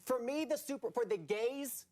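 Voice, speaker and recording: A man in his thirties, a guest on a late-night talk show, chatting in a campy way with quick comic asides. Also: very high voice, animated, a little mellow. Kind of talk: animated late-night chat. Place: television studio with audience.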